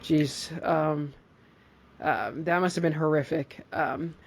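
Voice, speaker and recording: Woman, podcast co-host, lowish voice, chatty and rambling, casual recap talk. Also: fairly even intonation, slow, creaky. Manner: chatty, rambling, filler-heavy. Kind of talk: casual episode recap chat.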